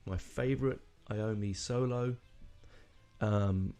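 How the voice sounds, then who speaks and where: Gravelly, dark-voiced rambling man. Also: on the low side, fairly even intonation, takes it slowly, soft background music. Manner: rambling, emotional, many fillers and restarts. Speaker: podcast host. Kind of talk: casual music podcast monologue.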